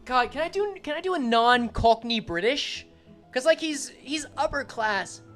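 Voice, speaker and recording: A woman's voice: high voice, lively intonation, a bit bright, faint music behind. A woman streamer reading game text aloud and commenting casually, swearing and joking as she goes. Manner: casual, swearing, quick jokes.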